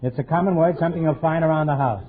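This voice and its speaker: Wisecracking male quiz host, tinny radio. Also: fairly high pitch. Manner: teasing, repeats questions, quick ad-libbed jokes. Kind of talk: wisecracking quiz show banter. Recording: tinny 1950 radio broadcast with loud audience.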